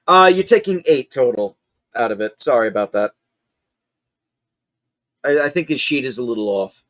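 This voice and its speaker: A man's voice: medium pitch, lively intonation, normal speed, fairly bright tone, dry recording, clean studio sound. A man running a tabletop game as game master, narrating with many fillers and laughs.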